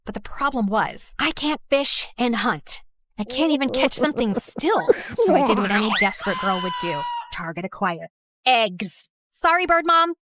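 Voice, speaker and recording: A woman's voice: on the high side, a bit bright, no room sound, clean studio sound. A young woman narrating her own story in the first person, dramatic and sassy, jumping between asides and exclamations. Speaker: narrator and lead character.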